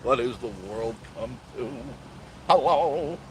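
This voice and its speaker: A low-voiced man chats loosely on a live stream, cracking jokes and answering viewers as they comment. He talks into a phone on a gimbal from inside his car, with steady traffic noise clearly heard behind him. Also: moderate pace. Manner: rambling, joking, reads out and answers viewer comments.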